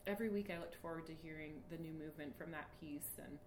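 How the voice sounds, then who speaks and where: A woman's voice: low voice, fast talker, darkish tone, reverberant, slight background noise. A woman hosting a podcast in casual chat, laughing often and reading passages aloud. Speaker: podcast host.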